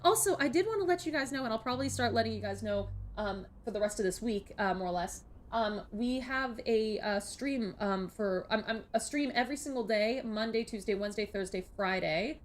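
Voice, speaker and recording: A woman's voice: fairly high pitch, animated, brisk, few pauses, a little hiss or hum. A woman streaming a game, chatting casually and thanking viewers by name. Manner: chatty, thanks chat members warmly. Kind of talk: casual gameplay commentary.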